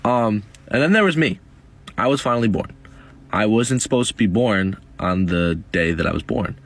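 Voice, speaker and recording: A man in his twenties speaks in a deep, gravelly voice with a husky edge. He tells his story haltingly and stumbles over a few words. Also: expressive. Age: 20s. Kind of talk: casual storytime.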